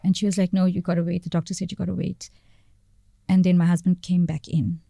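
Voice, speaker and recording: A woman speaks as a podcast guest, her voice set a little low with a soft, mellow tone. She talks haltingly, often pausing to find the right word and repeating phrases. The recording is close and dry, with no room sound. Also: flat delivery, vocal fry, dry recording. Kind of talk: personal story in a podcast interview.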